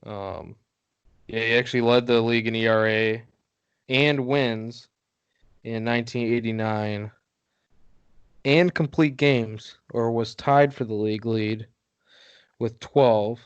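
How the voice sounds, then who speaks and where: A man's voice: medium pitch, steady tone, takes it slowly, long pauses, clean tone, highs cut off. A man co-hosting a casual podcast chat, rattling off sports stats and laughing easily. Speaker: podcast co-host.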